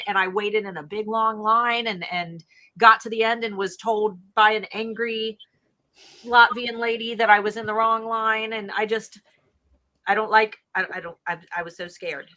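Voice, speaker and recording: Bright-voiced chatty woman. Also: medium pitch, normal speed. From United States. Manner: animated storytelling, trips over words. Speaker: co-host of a live Q&A stream. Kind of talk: casual chat.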